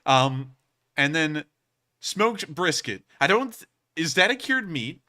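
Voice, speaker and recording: A man's voice: on the high side, takes it slowly. A man hosting a livestream, chatting casually and rambling as he answers donations. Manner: rambling, lively, frequent fillers and restarts. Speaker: livestream show host.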